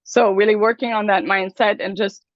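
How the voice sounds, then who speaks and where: A woman on a group video call, speaking emotionally and haltingly as she reflects openly. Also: mid-range voice, steady tone, no echo. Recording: dry, dull video call audio.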